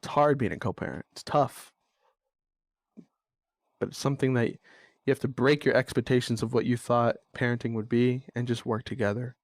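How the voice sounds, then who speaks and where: A man's voice: mid-range voice, normal speed, pauses often. A young man talks candidly into the mic in a blunt, exasperated way, cursing often as he vents. His voice sits in an ordinary middle range. The sound is dry and close, with no room echo. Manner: blunt, swears freely, exasperated venting. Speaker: podcast host. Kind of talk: candid monologue.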